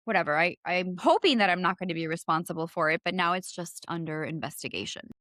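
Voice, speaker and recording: A woman in her thirties with an accent, co-hosting a podcast and telling a story in casual chat, animated and profane, acting out both sides of phone calls. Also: lowish voice, quick pace, dry recording, studio quality. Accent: non-native English. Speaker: podcast co-host.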